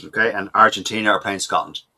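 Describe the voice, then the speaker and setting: A man hosting a casual panel podcast over a video call, running through questions briskly with plenty of "uh" fillers. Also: on the low side, pushed and bright. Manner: brisk quizmaster, hesitant fillers. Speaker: podcast host.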